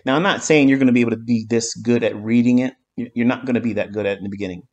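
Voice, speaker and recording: A man's voice: mid-range voice, rapid-fire, a little mellow, muffled recording. A man giving a live-streamed trading lesson, talking bluntly and emphatically, swearing often and repeating his points. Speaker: trading mentor.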